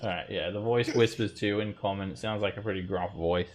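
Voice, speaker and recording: A man narrating as game master of an online tabletop game, halting with many fillers and restarts. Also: on the low side, fairly even intonation.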